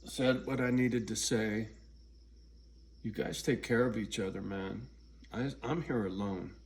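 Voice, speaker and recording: A man's voice: fairly low pitch, fairly even intonation, measured pace, gravelly, slight background noise. A man ranting bluntly and profanely in a casual vlog, alone at home. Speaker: vlogger. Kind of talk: casual rant to camera.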